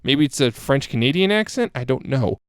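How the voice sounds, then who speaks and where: A man's voice: medium pitch, sing-song, brisk, smooth, no room sound, clean studio sound. A man co-hosting a podcast, chatting casually and rambling as he reviews a cartoon episode. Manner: rambling, many restarts and laughs. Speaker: podcast co-host.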